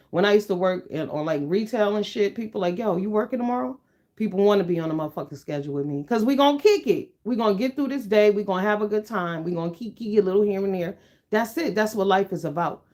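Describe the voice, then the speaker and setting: Blunt, profane middle-aged woman ranting. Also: medium pitch. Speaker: YouTuber. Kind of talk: casual chat to viewers.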